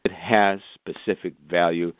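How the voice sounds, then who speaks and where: A man, a doctor, speaking as a guest in a radio interview, rambling through long lists with sudden jumps in pitch. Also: little pitch movement, a little slow, smooth, dry recording. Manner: rambling, lists conditions, bursts of higher pitch. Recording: phone-like narrow band, dry.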